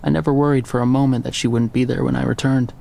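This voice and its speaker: Gravelly male audiobook narrator. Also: mid-range voice, flat delivery, fast, warm tone. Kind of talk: scripted first-person audiobook narration.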